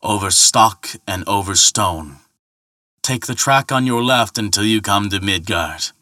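Give me a man playing a jeering old ferryman, sly and teasing, with a bright tone. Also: fairly low pitch, unhurried, no room sound, studio quality. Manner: jeering, taunting. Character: mocking one-eyed old ferryman, sly.

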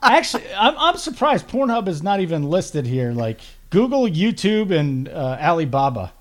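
A man co-hosting a casual sports podcast, his voice sitting a little high. He tells stories in an animated, joking way and keeps the banter loose. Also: moderate pace. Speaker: podcast co-host.

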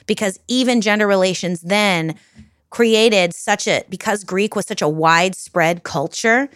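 A woman talking casually on a podcast, chatty and quick to swear. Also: mid-range voice, a bit bright, no room sound, studio quality. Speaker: guest presenter.

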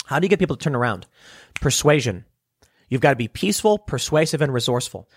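Animated man hosting a commentary show. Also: fairly high pitch, fast, breathy edge, no echo, clean studio sound. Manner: animated, acts out quoted voices in analogies. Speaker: political commentary host. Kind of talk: solo commentary monologue.

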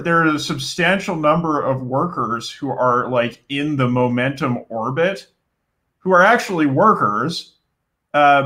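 A man on a podcast in casual chat, talking haltingly with many fillers and restarts. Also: a little high, bright, forceful tone.

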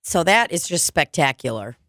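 A woman's voice: deep voice, sing-song, moderate pace, a bit bright, no room sound. A young woman telling a story in casual podcast chat, joking and swearing freely. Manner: profane, jokey storyteller.

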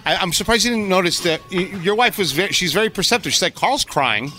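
High-voiced man telling a funny story. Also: quick pace, crowd noise. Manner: lively, mimics others in quotes. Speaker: podcast co-host. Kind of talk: animated storytelling with impressions. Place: restaurant table over a meal.

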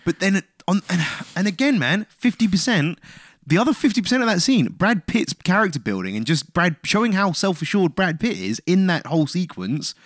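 A man's voice: high voice, big pitch swings, fairly quick, a bit bright, no room sound, clean studio sound. A man co-hosting a film podcast, swearing often and restarting his sentences as he rants. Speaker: podcast co-host. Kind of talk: casual film review chat.

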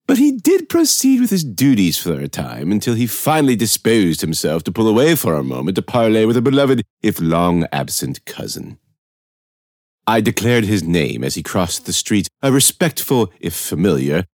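A man's voice: on the low side, huge pitch swings, moderate pace, no room sound, studio quality. A man narrating a first-person story in a pompous, fussy and florid manner, doing the characters' voices.

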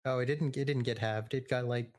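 A man's voice: medium pitch, fairly even intonation, fairly quick, a little mellow. A man from Mexico co-hosting a podcast in casual chat, with dry remarks and frequent laughs. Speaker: podcast co-host.

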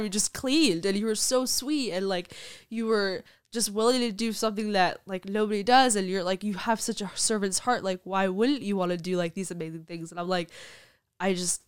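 A woman's voice: medium pitch, normal speed, clear, resonant tone, dry recording, studio quality. A young woman telling her story as a podcast guest, chatty, saying "like" a lot and laughing often. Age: young adult. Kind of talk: casual storytelling interview.

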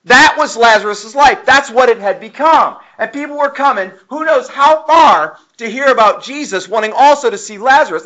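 A man preaching from the pulpit in a high, bright voice that turns sharp when he acts out a scene. He tells his stories with lively emphasis, switching between the people in them. The recording is dull and lo-fi. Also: normal speed, few pauses. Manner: animated storytelling, acting out dialogue. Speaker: pastor. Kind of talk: sermon.

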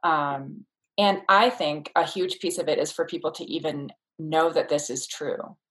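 Low-voiced woman explaining thoughtfully. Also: fairly even intonation, measured pace, fairly bright tone, low-quality recording. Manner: thoughtful, explanatory, many fillers and restarts. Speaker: childbirth educator, guest. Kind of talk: casual interview conversation.

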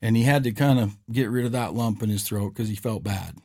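Low voice guy hosting a podcast, rambling story, keeps saying right?. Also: brisk, a little mellow. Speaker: podcast host. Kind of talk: casual storytelling.

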